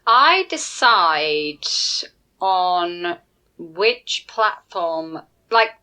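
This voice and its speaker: A woman's voice: on the low side, very animated, drawn-out words, bright, forceful tone. A woman co-hosting a podcast in casual chat, hesitant and giggly. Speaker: podcast co-host.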